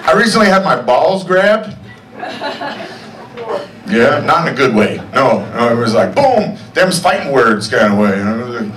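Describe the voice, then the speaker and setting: Young male stand-up, deadpan asides, lively pitch, distant, roomy club sound. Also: unhurried, over music. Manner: deadpan asides, checks in with the crowd. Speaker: stand-up comedian. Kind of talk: stand-up comedy set. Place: comedy club stage. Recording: echoey club sound from far off. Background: audience noise.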